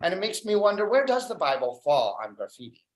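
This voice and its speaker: Roomy club echo surrounds this open mic comic, whose medium-pitched delivery stays flat and deadpan. Dry one-liners are broken up by frequent pauses on fillers.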